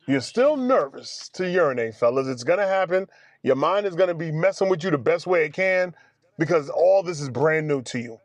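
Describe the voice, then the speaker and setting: Animated storytelling man, dry close sound. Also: fairly high pitch, no room sound. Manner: animated, acts out other people's lines. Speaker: vlogger. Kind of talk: casual storytelling to viewers.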